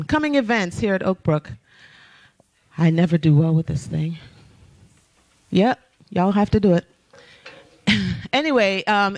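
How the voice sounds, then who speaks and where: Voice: mid-range voice, darkish tone, dry recording. A church announcer reading out announcements in an upbeat, chatty way, laughing often. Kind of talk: casual announcements. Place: church sanctuary.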